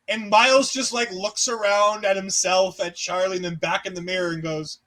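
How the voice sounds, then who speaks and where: A man co-hosting a casual wrestling recap, talking in an animated way with jokes, swearing and quick asides. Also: high-pitched, poor audio. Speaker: podcast co-host.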